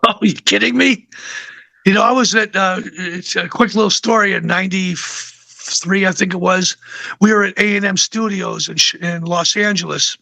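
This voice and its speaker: A man's voice: sits high, steady tone, moderate pace, creaky, pushed and bright, no room sound. An older man, a musician guest, telling a rambling anecdote in a casual interview with plenty of fillers.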